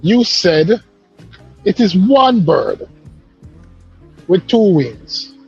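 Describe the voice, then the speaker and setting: A man's voice: high-pitched, big pitch swings, very slow, vocal fry, faint music behind. A man from the Caribbean calling into a live stream, speaking earnestly and in a lecturing way, often repeating himself. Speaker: caller on a live stream panel. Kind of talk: casual political discussion. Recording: dull lo-fi call audio.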